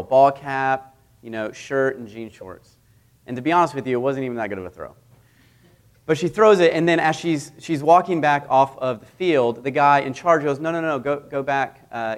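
A man in his thirties preaches in an easy, conversational storytelling manner. His voice sits at a middle pitch, and he swings between quiet asides and louder, emphatic moments as he builds his points. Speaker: visiting preacher. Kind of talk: sermon.

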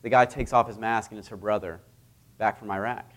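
A visiting preacher in his thirties gives a sermon, telling stories conversationally with lively, dramatic swings. His voice is fairly low and he speaks fairly quickly.

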